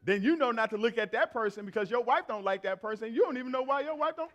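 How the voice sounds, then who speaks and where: A man's voice: extremely high pitch, fast, a bit bright, lo-fi sound. A man preaching a sermon to a church congregation, conversational and emphatic, repeating his phrases for effect. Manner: conversational, acts out everyday exchanges.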